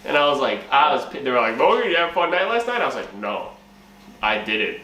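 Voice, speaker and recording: A man's voice: mid-range voice, big pitch swings, a little fast, pushed and bright. A young man in casual comic storytelling, profane and laughing, acting out his own lines as he tells it. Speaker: channel host. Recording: echoey room with faint ambient noise.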